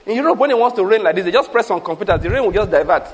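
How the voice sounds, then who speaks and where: A man with a Nigerian accent preaching a sermon, animated and repetitive with humorous asides. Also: sits high, racing, husky, low-quality recording.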